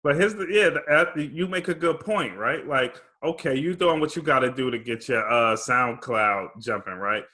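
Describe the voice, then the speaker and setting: Bright-voiced laid-back podcast man. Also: medium pitch, animated, normal speed, hardly any pauses. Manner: laid-back, reasoning aloud with frequent "right?". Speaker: podcast co-host. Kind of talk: casual chat.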